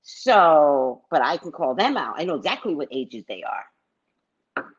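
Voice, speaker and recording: A middle-aged woman from California, telling stories in an animated, chatty live-stream chat. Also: low-pitched, unhurried, breathy edge. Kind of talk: casual storytelling chat. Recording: dull lo-fi recording.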